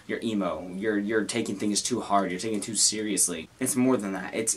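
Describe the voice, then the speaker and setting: A young man talking to camera about his own feelings, halting and earnest, with many restarts. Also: on the low side, slightly rough. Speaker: content creator. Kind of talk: personal talk to camera.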